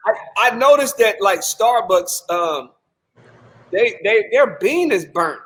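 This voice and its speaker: A man hosting a casual live stream, talking high and hyped. He jokes around and pushes the deal like a salesman. His banter stays playful all the way through. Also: animated, slow pace, fairly bright tone. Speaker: show host. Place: Seattle.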